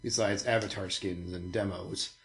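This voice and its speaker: A man co-hosting a casual gaming podcast, laughing often and trailing off quietly. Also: deep voice, steady tone, normal speed, gravelly, a little hiss or hum. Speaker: podcast co-host.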